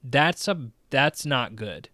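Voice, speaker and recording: A man's voice: mid-range voice, lively intonation, takes it slowly, bright, forceful tone, no echo, studio quality. A man hosting a casual gaming podcast, rambling through the news with lots of "um" and "like". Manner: rambling, filler-heavy, many "um" and "like". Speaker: podcast host.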